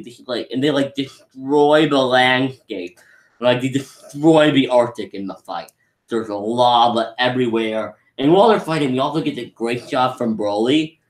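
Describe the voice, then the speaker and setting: A man giving a casual, rambling live anime review, excitable and full of restarts. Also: medium pitch, a little hiss or hum. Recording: echoey room.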